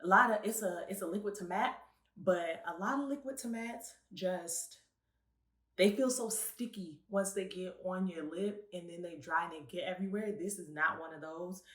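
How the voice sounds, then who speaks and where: Chatty young woman in an echoey room. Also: lowish voice. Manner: chatty, animated, quick to laugh. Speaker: co-host and beauty segment presenter. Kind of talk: casual review chat.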